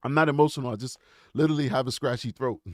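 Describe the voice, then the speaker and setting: A man's voice: mid-range voice, expressive, fast talker, a little mellow, no echo, clean studio sound. A man hosting his own channel, telling a personal story and commenting in an earnest, reflective way that builds to impassioned rhetorical questions. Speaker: channel host.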